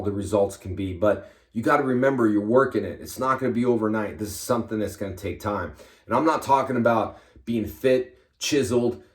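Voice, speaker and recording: A man, a karate instructor, giving energetic motivational fitness advice to his fans in short, punchy commands. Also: medium pitch, reverberant.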